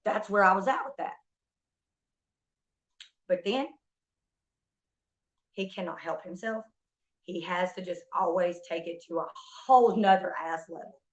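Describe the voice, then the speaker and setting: A young woman streamer telling a story in a heated, profane rant, venting about a stolen ring. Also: lowish voice. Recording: dull lo-fi stream audio.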